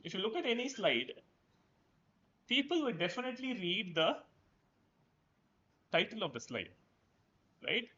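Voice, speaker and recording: Professor, male, high animated delivery, conversational lecturing style, muffled and roomy hall recording. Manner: conversational, keeps asking "right?". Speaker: professor giving a talk. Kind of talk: lecture to students.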